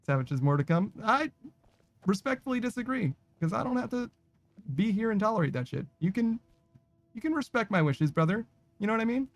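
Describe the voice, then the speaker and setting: A man's voice: sits high, sing-song, brisk, no echo. A man giving casual, profane, sarcastic commentary while playing a video game. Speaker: gaming streamer.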